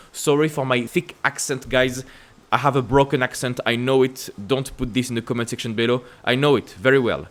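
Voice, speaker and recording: Man, French accent, investing host, casual market commentary, emphatic rhetorical questions, medium pitch. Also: brisk, hardly any pauses. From France. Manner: emphatic, repetitive rhetorical questions with sudden upward pitch leaps.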